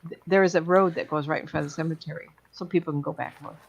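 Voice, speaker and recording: Gravelly, low-pitched woman medium, chatty anecdotes, dull lo-fi stream audio. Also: fairly even intonation, very fast. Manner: chatty, laughing, acts out quoted voices. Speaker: psychic medium guest. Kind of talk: rambling anecdotal storytelling.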